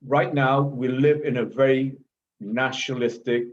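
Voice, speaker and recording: A man's voice: medium pitch, steady tone, a little slow. A man of Chinese origin giving an emphatic lecture, repeating himself and checking in with frequent asides. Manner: forceful, repetitive, frequent "okay?" asides. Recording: dull lo-fi audio.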